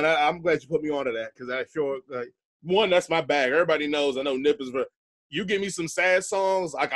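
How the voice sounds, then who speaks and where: A man hosting a podcast in relaxed, slangy casual chat, laughing often. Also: a little high. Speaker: podcast host.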